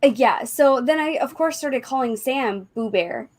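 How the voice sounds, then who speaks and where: A woman's voice: sits high, a little slow, darkish tone. A woman in a casual group chat, easygoing and filling talk with "like". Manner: easygoing, lots of "like".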